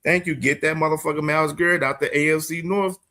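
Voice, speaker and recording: A man hosting a casual boxing commentary stream, talking in with profane banter and frequent loud laughing fits. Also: a little high, fairly even intonation, fast. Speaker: boxing show host.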